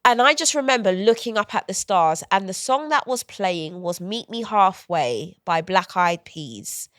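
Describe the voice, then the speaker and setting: A woman's voice: medium pitch, measured pace, no room sound, clean studio sound. A woman, guest on a podcast, telling personal stories candidly and acting out what people said. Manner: candid, animated storytelling with quoted asides. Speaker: guest author. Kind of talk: conversational podcast interview.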